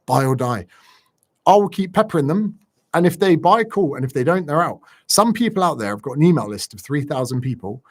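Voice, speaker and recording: A man's voice: a little high, sing-song, fairly quick. A man hosting a live-stream Q&A as a business coach, talking bluntly and energetically, swearing freely.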